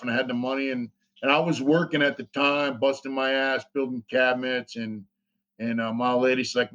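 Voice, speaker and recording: A man's voice: medium pitch, flat delivery, fairly quick, fairly bright tone, dull audio. A man, an interview guest, telling stories in a casual, rambling way, with lots of fillers and swearing. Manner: rambling, profane, many fillers. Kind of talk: casual storytelling.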